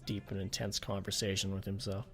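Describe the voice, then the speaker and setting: A man's voice: low-pitched, monotone, a little fast, over music. A man talking through a strategy game as he plays, thinking aloud and swearing when the game frustrates him. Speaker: gaming channel host. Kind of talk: let's play commentary.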